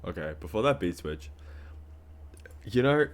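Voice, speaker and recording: A man's voice: fairly low pitch, sing-song, a little slow, a little hiss or hum. A young man giving casual, mock-serious reaction commentary on a song, with dry remarks and fillers. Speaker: reaction streamer.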